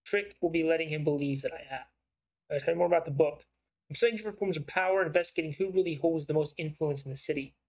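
A man's voice: a little high, fast talker, low-quality recording. A man reading as a shrewd probing writer. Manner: smooth-talking and probing. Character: shrewd, persuasive investigative writer.

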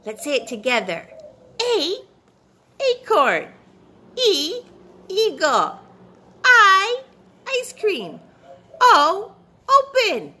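A woman's voice: very high voice, huge pitch swings, extremely slow, pauses often, bright, forceful tone. A woman teaching a phonics lesson to young children, cheery and encouraging, drawing out each sound.

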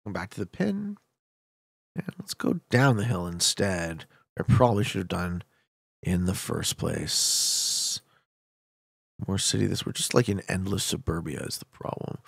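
A man streaming a geography guessing game, chatting to viewers with loud hype bursts and quiet muttering while he thinks. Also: low-pitched, lively intonation, measured pace, vocal fry, breathy edge, no room sound, clean studio sound. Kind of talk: casual gameplay commentary.

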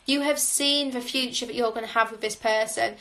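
A woman with a somewhat high voice talks through a tarot spread on a livestream. She sounds musing and intuitive, pausing on "um" as she reads each card. The sound comes through a phone mic. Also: steady tone, bright, forceful tone, poor audio. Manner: musing, intuitive, frequent "um" fillers. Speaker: tarot reader. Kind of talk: live tarot reading.

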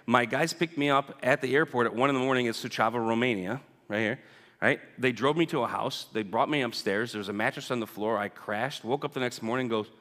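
A man's voice: mid-range voice, a little fast, a bit bright. A man telling a congregation a personal story in a chatty way, often tagging on "right?". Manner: chatty, keeps asking "right?". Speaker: guest speaker. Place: church sanctuary. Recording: long reverb in a big hall.

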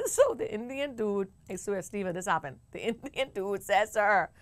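A woman with a Bahamian accent hosting a talk show, telling a story in a chatty, animated way with bursts of laughter. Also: mid-range voice, normal speed, no echo. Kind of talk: casual storytelling to camera.

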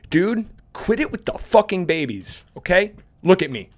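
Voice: medium pitch, very animated, normal speed. A gamer commenting on a horror game, swearing constantly and breaking into screaming outbursts. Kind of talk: horror let's play commentary.

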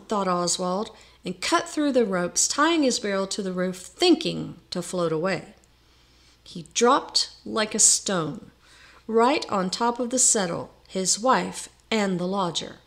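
A woman reading a story aloud, lively and expressive, jumping into loud character voices. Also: medium pitch. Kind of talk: storybook narration.

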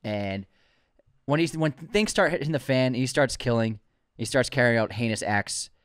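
A male podcast co-host chats casually in an ordinary middle-pitched voice, full of enthusiasm. He teases his co-host playfully, and the recording sounds dry and close. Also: lively intonation, normal speed, smooth, dry recording. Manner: enthusiastic and teasing. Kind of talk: casual chat.

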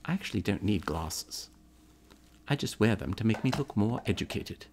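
A man in a theatrical monologue, putting on the voice of a smug, educated British gentleman who speaks in a wry, self-assured way. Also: lowish voice, animated, moderate pace, background noise, natural voice. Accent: British, put on.

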